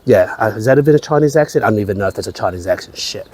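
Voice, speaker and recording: A whisky reviewer with a lowish, expressive, darkish voice races through casual tasting-note chat. He rambles, repeats phrases, and swears casually.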